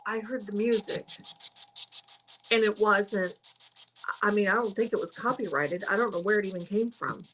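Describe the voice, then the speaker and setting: A woman's voice: medium pitch, normal speed, pauses often, a bit bright, slight background noise, poor audio. A woman psychic hosting a live stream, chatting casually and rambling through stories. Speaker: psychic host.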